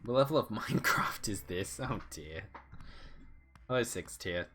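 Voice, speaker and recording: A man's voice: fairly low pitch, expressive, measured pace, a bit bright, faint music behind. A young man streaming a visual novel, chatty and jokey, reading the dialogue aloud.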